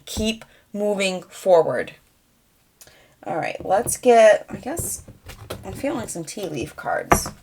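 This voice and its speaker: A woman's voice: mid-range voice, very animated, slow, background noise. A young adult woman giving a rambling, conversational channeled tarot reading, full of fillers. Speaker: tarot reader.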